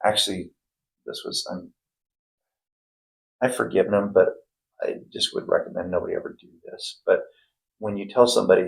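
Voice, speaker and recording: A man's voice: low-pitched, sing-song, normal speed, vocal fry, long pauses, low-quality recording. A middle-aged man, a former plumber turned investor, talking casually in an interview with lots of fillers and restarts. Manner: rambling, many restarts and fillers.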